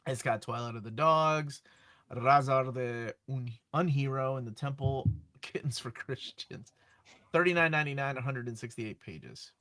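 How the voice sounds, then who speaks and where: A man hosting a casual talk show about comic books, speaking with enthusiasm and breaking into excited exclamations. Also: mid-range voice, moderate pace. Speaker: show host.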